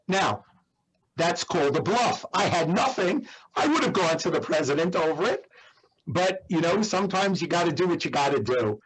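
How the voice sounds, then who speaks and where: A man's voice: on the high side, moderate pace, vocal fry, slightly rough, poor audio. A middle-aged man answering questions in a talk, telling a personal story with plenty of fillers and acting out the quoted voices. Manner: animated anecdotal, acts out quoted voices. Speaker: guest speaker.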